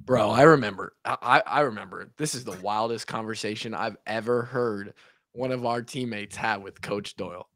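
A young former player from Iowa co-hosts a podcast, telling a story in a lively, casual, swearing way and acting out the quotes. His voice is on the low side at a moderate pace, with clean studio sound and no echo.

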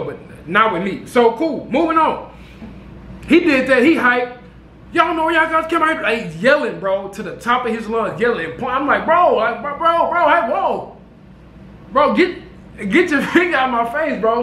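A man telling a story to camera in a casual, slangy, animated way, repeating himself. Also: high-pitched, reverberant, a little hiss or hum. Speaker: vlogger. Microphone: camera mic.

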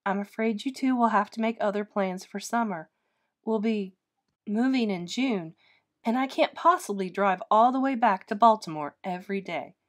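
A woman reading a storybook aloud and voicing an enthusiastic, dreamy mother who coaxes her children in a bright voice. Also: medium pitch, normal speed, natural voice. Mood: cheerful coaxing. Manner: bright and coaxing.

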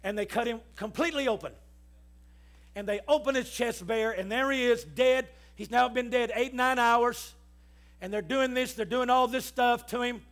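High-voiced preacher. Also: male voice, moderate pace. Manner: storytelling preacher, rising to shouts, call-and-response with the congregation. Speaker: pastor. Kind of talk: sermon. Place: church.

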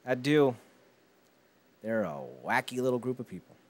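A man's voice: mid-range voice, lively intonation, normal speed, darkish tone. Profane, rambling male podcast host. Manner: profane, rambling, jokey rants. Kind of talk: casual podcast chat.

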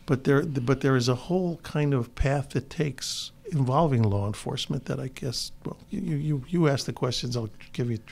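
A man's voice: mid-range voice, moderate pace, vocal fry, few pauses, a little mellow. An older man, a guest in an interview, telling long rambling anecdotes full of restarts. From Chicago. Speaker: guest actor. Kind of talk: relaxed interview storytelling.

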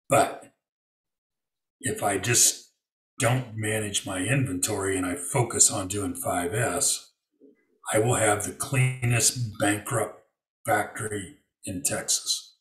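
A man telling a work story in a relaxed interview, using lots of fillers and acting out what people said. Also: lowish voice, a little slow, reverberant, far from the mic, rough recording. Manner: storytelling with many fillers and acted-out quotes. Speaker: guest. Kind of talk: conversational interview.

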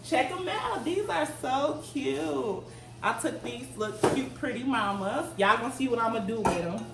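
A woman with a slightly high voice, lively intonation and some vocal fry talks at a normal speed over loud background music. She chats casually with viewers, whom she calls "y'all," while showing off home decor finds in a haul vlog at home, indoors. The recording is noisy, with an echoey room and a distant mic.

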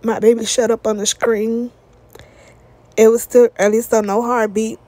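A woman's voice: a little high, level tone, normal speed, dark tone, no echo. A young woman, vlogging an emotional personal testimony with repeated emphasis and talk straight to viewers. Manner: repetitive emphatic phrasing, addresses viewers as y'all.

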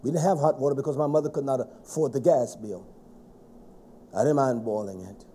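A middle-aged man preaching a stern, scolding sermon to a congregation, rising to shouts at times. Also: mid-range voice, brisk, husky.

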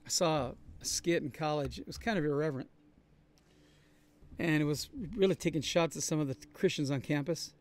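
A man with a fairly high voice preaches to his congregation. He talks in an earnest, conversational way and leans on repetition to make his points land. His tone stays steady and plain throughout the sermon. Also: normal speed. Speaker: pastor. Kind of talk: sermon-style Bible study. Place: traveling, on the road.

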